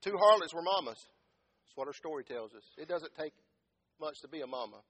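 A man preaching a sermon as pastor, swinging from loud impassioned calls down to low quiet words. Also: animated, a little fast, breathy edge. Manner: impassioned, rising to shouts and dropping low.

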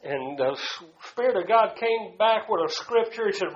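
A man preaching a sermon to a congregation, swinging from loud to hushed and calling out to the room. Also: sits high, lively intonation, normal speed, hardly any pauses, reverberant, rough recording. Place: church before a congregation.

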